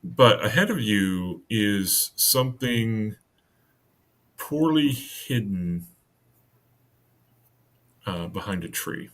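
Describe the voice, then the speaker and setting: Male game master, low-pitched, unhurried, hesitant narration with frequent restarts. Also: lively intonation. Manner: halting, many fillers and restarts.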